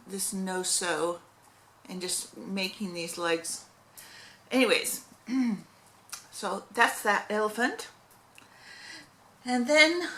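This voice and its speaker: A woman's voice: mid-range voice, fairly bright tone. A middle-aged woman hosting a casual crochet vlog, rambling with many fillers and correcting herself as she goes. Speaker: crochet vlogger. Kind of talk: casual crochet show-and-tell.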